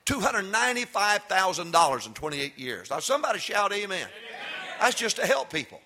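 An older man, a pastor giving a sermon that swings from loud emphatic preaching to folksy storytelling. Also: sits high, big pitch swings, fairly quick. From Texas.

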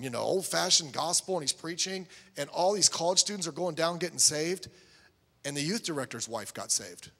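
Middle-aged male pastor, sermon, forceful and a little high, lots of storytelling. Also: gravelly, long reverb tail. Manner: animated storytelling, acting out both sides of conversations.

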